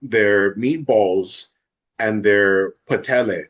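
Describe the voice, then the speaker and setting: A young man from Hawaii, telling a wild personal story in a fast, unfiltered way as a podcast guest. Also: on the low side, lo-fi sound. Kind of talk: casual storytelling.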